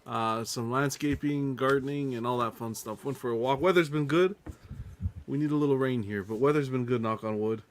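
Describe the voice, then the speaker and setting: A man's voice: mid-range voice, normal speed. Offhand, dry-humored man. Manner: offhand, dry, swears casually. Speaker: panelist. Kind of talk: casual livestream chat.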